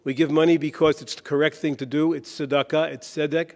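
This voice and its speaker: A man's voice: on the high side, level tone, fairly quick, darkish tone. A man delivering a conference keynote speech, weaving jokes and anecdotes into a preacher-like cadence. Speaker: keynote speaker. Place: conference hall. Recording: long reverb in a conference hall.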